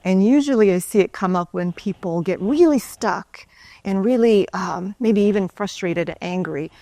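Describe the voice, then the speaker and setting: This speaker, formerly a yoga and Pilates teacher, tells stories at a conference in an easygoing way, habitually tacking "right?" onto her sentences. She has a warm, mid-range voice at a moderate pace, recorded dry.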